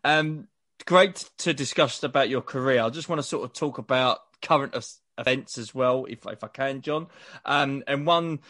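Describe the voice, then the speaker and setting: A man hosting a podcast, asking measured, polite interview questions. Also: mid-range voice, a bit bright. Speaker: podcast host.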